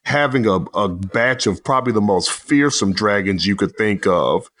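A man with a fairly low voice talks through a film in a loose, rambling way. He gets animated and lets the odd swear word slip, like someone chatting with friends on a podcast. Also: normal speed. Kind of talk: casual movie discussion.

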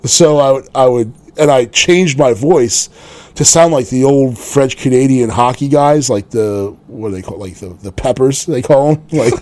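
A man's voice: medium pitch, normal speed, darkish tone, no echo. A man co-hosting a casual podcast chat, telling anecdotes and laughing often as he talks. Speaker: podcast co-host.

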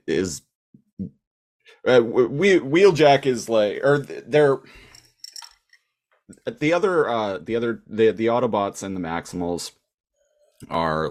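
A man co-hosting a podcast, casually recapping a cartoon episode, rambling with lots of fillers and restarts. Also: deep voice. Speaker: podcast co-host.

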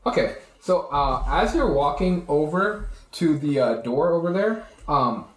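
A man's voice: a little high, animated, measured pace. Rambling young man running a game. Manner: rambling, full of fillers. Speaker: game master. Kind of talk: narrating a tabletop game. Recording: echoey room.

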